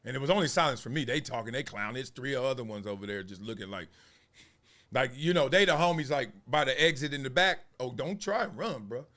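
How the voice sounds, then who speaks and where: Animated man telling a street story. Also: medium pitch, fast talker. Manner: animated, acts out scenes with laughs; casual street slang. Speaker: host.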